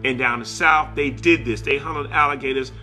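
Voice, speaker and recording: Bright-voiced man telling a story. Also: medium pitch, fairly even intonation, soft background music. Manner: halting retelling, quoting others as "he said". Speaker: collector recounting a story. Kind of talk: interview storytelling.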